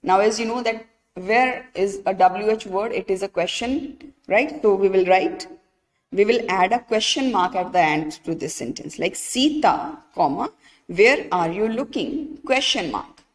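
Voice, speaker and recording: A woman's voice: medium pitch, lively intonation, a little slow, big-room sound. A woman with an Indian English accent teaching an online English grammar lesson, explaining step by step and checking with her students.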